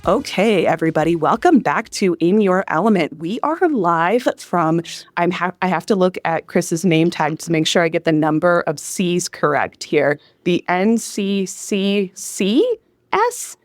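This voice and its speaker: A woman with a Northern US accent hosts a live podcast interview at a conference. She is upbeat and chatty, and she throws in self-deprecating asides. Her voice is lowish and dry, with no room echo. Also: big pitch swings, unhurried. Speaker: podcast host. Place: conference venue.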